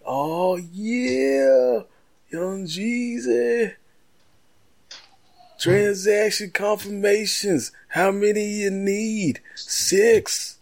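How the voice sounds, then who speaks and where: A man doing an impression of a rapper on a podcast, slow gruff ad-libs. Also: high-pitched, a little mellow, voice pushed up, heavily acted. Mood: hyped.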